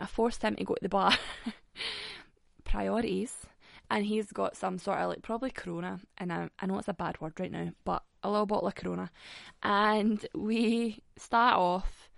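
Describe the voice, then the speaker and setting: Young woman, scottish accent, casual storytelling, sweary and animated, gravelly fry, dry close sound. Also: mid-range voice, no echo. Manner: animated, swearing, laughing often.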